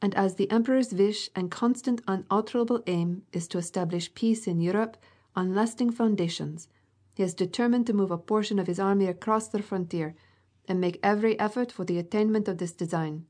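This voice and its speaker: A woman's voice: medium pitch, fairly quick, dark tone, lightly acted. A woman reading aloud, voicing a pompous dinner guest who lectures in an edifying way in an audiobook. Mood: lecturing.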